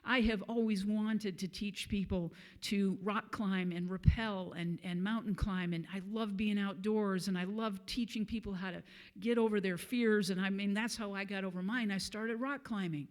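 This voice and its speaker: A preacher voicing an eager male marketing manager excitedly describing his outdoor dream. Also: medium pitch, moderate pace, hardly any pauses, natural voice.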